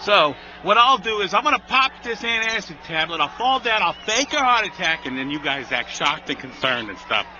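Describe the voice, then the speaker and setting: A man's voice: high voice, big pitch swings, normal speed, hardly any pauses, sharp tone, heavily acted. An actor playing a scheming young football player huddling his team, in a radio ad. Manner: bossy, conspiratorial. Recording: muffled radio ad with noise.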